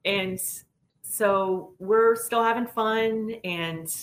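A middle-aged woman telling a personal story in an earnest, animated way as an interview guest. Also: mid-range voice, very slow. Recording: roomy echo.

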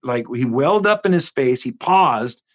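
A man's voice: medium pitch, lively intonation, normal speed. A middle-aged man, a guest on an interview, telling a faith story earnestly with many restarts.

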